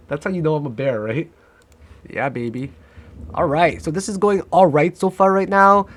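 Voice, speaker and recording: A man giving live commentary on his own trades, excitable and profane, cocky and joking, often shouting and pleading at the price chart. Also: fairly high pitch, unhurried.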